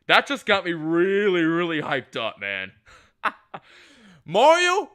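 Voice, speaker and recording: A man hosting a podcast, giving an excited live reaction, laughing often and restarting his sentences. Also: on the high side. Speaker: podcast host reacting to a trailer.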